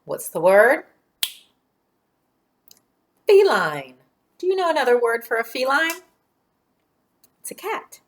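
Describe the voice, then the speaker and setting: A woman teaching a children's phonics lesson, giving clear directions and encouraging praise. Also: high voice, big pitch swings. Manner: slow, clear, drawn-out words.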